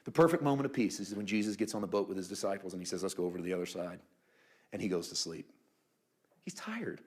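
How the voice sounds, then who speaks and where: A male pastor delivering a conversational sermon, mixing humorous asides with sudden quiet, hushed moments. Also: low-pitched, rapid-fire. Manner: conversational preaching with humorous asides and dramatic drops to a hush.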